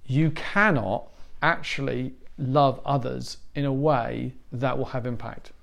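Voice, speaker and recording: A man's voice: mid-range voice, fairly even intonation, takes it slowly, gravelly. A middle-aged Englishman giving a conversational sermon as a pastor, telling stories with self-deprecating humor.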